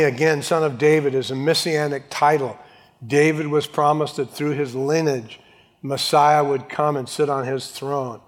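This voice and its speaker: A man's voice: fairly high pitch, moderate pace. A man preaching a sermon, reading scripture aloud and acting out its voices with dramatic swings. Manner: dramatic, acts out Bible voices. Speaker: pastor. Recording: long hall reverb.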